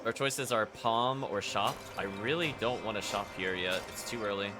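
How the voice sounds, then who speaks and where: A man's voice: on the low side, moderate pace. Chatty man commenting on his gameplay. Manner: chatty, analytical, uses fillers like 'like'. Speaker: streamer. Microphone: headset. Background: game music.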